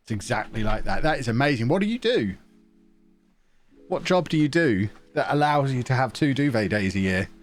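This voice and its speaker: A man's voice: medium pitch, lively intonation, moderate pace, faint music behind. A man with a sniffly, stuffed-up nose, chatting casually and rambling through a live stream while he plays a management game.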